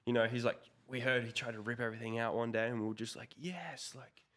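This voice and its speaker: A man's voice: medium pitch, monotone, quick pace, a bit bright. A young man telling a story in a casual interview. He rambles with lots of fillers and curses. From Australia. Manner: rambling, heavy swearing, filler-laden. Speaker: guest, pro BMX rider.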